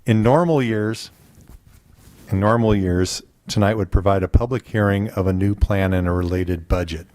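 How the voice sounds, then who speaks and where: A man presenting a school district report at a board meeting, halting often with restarts and fillers. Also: fairly low pitch, a little mellow, no echo.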